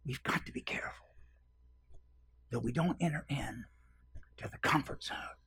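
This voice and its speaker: A man preaching a sermon, dropping to hushed whispers and then rising to loud, fervent cries, repeating phrases for emphasis. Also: mid-range voice, moderate pace, husky.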